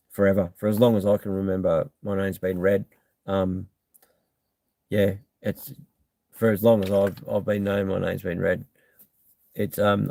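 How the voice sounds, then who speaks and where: A laid-back Australian man talks off the cuff on a live stream in a low, gravelly voice. He is blunt and dotted with ums as he works through viewer comments, and the recording is dry and close. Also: mellow, dry recording. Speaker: live stream host answering chat. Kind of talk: casual live-stream chat.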